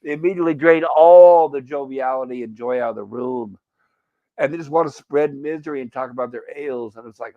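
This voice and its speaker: A man talks casually on a game stream, rambling from one aside to the next and often restarting his sentences. His voice sits at a middle pitch. It comes through a dull, lo-fi call. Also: fairly quick. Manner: chatty, many restarts and asides. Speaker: chat-reading co-host on a game stream.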